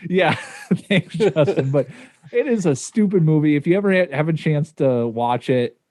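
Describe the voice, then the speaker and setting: A man's voice: a little high, lively intonation, moderate pace, darkish tone, no echo. A man co-hosting a casual podcast chat, rambling with many fillers and laughing at himself. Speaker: podcast co-host.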